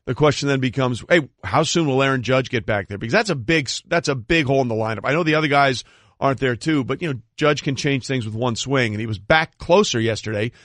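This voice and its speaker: A man's voice: medium pitch, quick pace, fairly bright tone, no room sound, studio quality. A man co-hosting a sports radio show, chatting casually and joking at his own expense. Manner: conversational, self-deprecating. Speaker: radio co-host.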